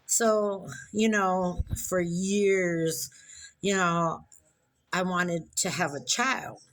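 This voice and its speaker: A woman telling a personal story in a soft, reflective way. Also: fairly low pitch, fairly even intonation, very slow.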